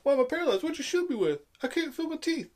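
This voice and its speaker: A man's voice: very high-pitched, very animated, fast, darkish tone, pitched above the performer's own voice. A man mockingly voicing a panicked, paralyzed young soldier in a strained, whiny tone. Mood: panicky.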